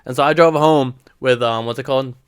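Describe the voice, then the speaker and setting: A man's voice: mid-range voice, steady tone, fairly quick, smooth. A young man telling a rambling, profane story to the camera as a casual vlog, switching between English and Spanish. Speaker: vlogger.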